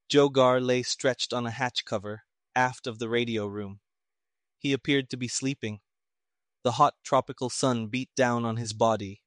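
A man reading a story aloud in measured, even audiobook narration. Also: medium pitch, no echo, studio quality.

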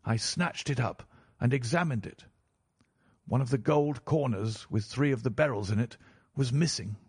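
Husky man, dry close sound, measured formal storyteller. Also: mid-range voice, dry recording. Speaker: audiobook narrator. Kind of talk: first-person audiobook narration.

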